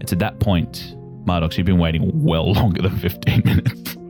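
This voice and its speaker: A man narrating a tabletop game as game master in a relaxed, descriptive way. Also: sits low, normal speed, over music.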